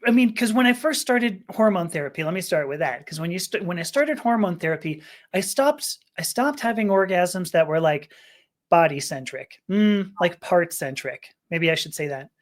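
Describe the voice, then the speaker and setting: A woman's voice: lowish voice, animated, moderate pace. A woman guest on a podcast, telling a personal story candidly, often stammering, laughing and restarting her sentences.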